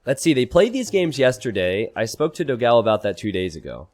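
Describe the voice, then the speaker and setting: Animated man casting a strategy game. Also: mid-range voice, a little fast. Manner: animated, bursts into loud disbelief and laughter. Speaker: game caster. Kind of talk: esports commentary.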